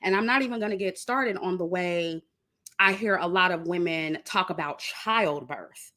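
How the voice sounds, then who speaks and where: A woman's voice: on the low side, moderate pace, pushed and bright. A woman giving an emphatic opinion monologue and speaking straight to her viewers. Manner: blunt, emphatic, addresses viewers directly. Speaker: commentary vlogger.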